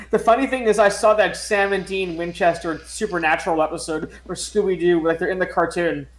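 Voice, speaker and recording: An excitable man chatting on a casual podcast, pitched a little high, often laughing and cutting in. His voice rings in a roomy, echoey space. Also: brisk. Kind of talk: casual chat. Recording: echoey room.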